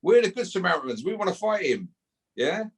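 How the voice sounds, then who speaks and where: A man's voice: high-pitched, big pitch swings, fairly quick, breathy edge. A man, calling out a rival in brash, swearing casual talk and ending lines with a taunting "yeah?". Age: 50s. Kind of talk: heated casual callout.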